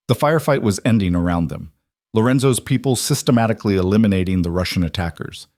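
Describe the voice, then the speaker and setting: Low-voiced man narrating a romance story. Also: lively intonation, fast, a little mellow, no echo, studio quality. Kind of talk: scripted romance audiobook narration.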